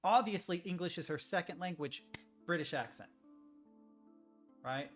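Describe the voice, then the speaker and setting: Unhurried and pausing often, a young American man with a high voice talks casually to his stream during a game. Soft background music accompanies his rambling, chatty commentary aimed at viewers.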